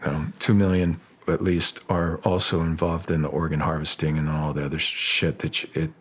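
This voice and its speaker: Husky-voiced man, halting restarts. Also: rumbling low. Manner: halting, many restarts, gets animated telling stories. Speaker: guest. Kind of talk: casual interview talk.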